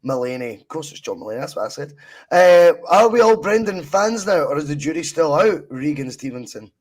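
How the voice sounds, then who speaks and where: Easygoing Scottish podcast host. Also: male voice, a little high, big pitch swings, a little fast. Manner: easygoing, chatty, reads listener comments. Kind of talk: casual football podcast chat.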